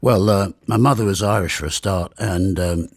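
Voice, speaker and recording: An English man in his sixties, a guest telling stories in a relaxed, rambling way, full of fillers and restarts. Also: sits low, normal speed, creaky, no echo, clean studio sound. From England. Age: 60s. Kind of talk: candid conversational storytelling.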